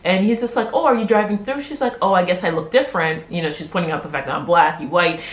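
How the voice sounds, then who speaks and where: A woman's voice: on the low side, quick pace, reverberant. A woman chatting casually as she recaps a TV episode, acting out the characters' lines and laughing often. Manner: animated storytelling, acts out quotes, laughs often.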